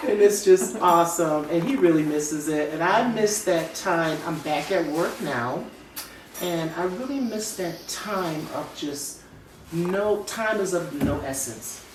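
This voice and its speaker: Frau erzählt lebhaft in hallendem Raum. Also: female voice, on the low side, unhurried, noisy background. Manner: animated storytelling with voiced quotes. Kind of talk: casual chat. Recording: echoey room, mic at a distance.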